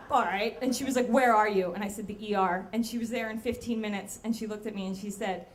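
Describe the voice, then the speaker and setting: A woman's voice: medium pitch, fairly even intonation, fast, darkish tone, slight background noise. A young adult woman telling a comic true story live, animatedly acting out the voices of people she quotes.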